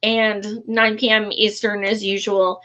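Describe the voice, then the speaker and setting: A woman hosting a casual political chat show, bubbly and quick to laugh. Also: medium pitch, little pitch movement, sharp tone. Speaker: podcast host.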